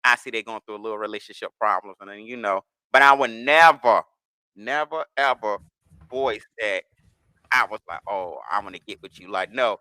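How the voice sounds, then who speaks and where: A man's voice: fairly low pitch, normal speed, sharp tone, clear, resonant tone, dry recording. A man as a podcast guest, telling candid stories in casual chat and slipping into the voices of people in them. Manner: candid storytelling, slips into voices of others.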